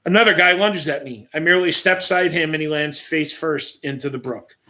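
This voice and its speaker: A man reads a first-person story aloud on a livestream, in a dramatic style broken by offhand asides. His voice sits fairly high and sounds bright and forceful. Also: a little fast. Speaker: author reading his own story.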